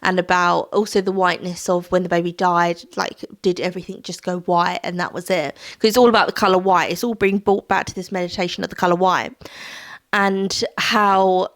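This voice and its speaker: A woman's voice: fairly low pitch, steady tone, fairly quick, fairly bright tone. A woman chatting about books in a monthly wrap-up, heartfelt and rambling with plenty of fillers. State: tearful at times. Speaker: book vlogger. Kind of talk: casual monthly reading wrap-up.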